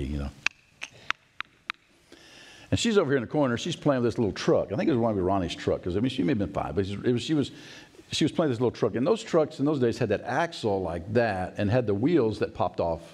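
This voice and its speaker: A middle-aged male pastor with a fairly low, husky, darkish voice delivers a sermon in a quick, sing-song manner. A storytelling preacher, he recounts a family story, acting out its voices and adding asides.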